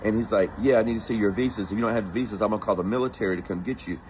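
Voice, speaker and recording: A man from the United States tells a personal story in a relaxed, animated way. He slips into the voices of the people he quotes. His voice sits on the low side. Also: very fast, a little hiss or hum, low-quality recording.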